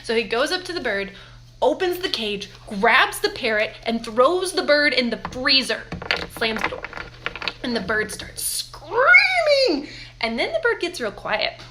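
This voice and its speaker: A woman's voice: fairly high pitch, very animated, moderate pace, background noise. A woman co-hosting a tarot chat, talking casually and telling a rambling joke with lots of giggles. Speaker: tarot podcast co-host.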